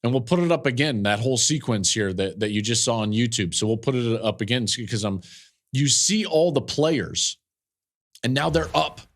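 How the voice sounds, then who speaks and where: A man in his forties hosting a sports podcast, telling a game story with animated, emphatic energy and frequent restarts. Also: medium pitch, normal speed. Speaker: podcast host and football analyst. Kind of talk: casual sports podcast talk.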